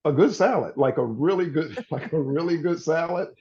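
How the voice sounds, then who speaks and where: A laid-back man, a plant-based recipe creator, talking as a guest in a conversational interview, getting animated when excited. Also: on the high side, moderate pace, highs cut off.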